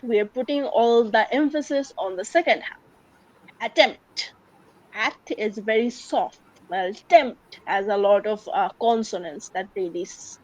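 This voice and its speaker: A woman with a Bangladeshi English accent delivers a university English lecture, explaining steadily with the occasional filler "um." Her voice is on the high side, and the classroom recording is dry, dull and lo-fi.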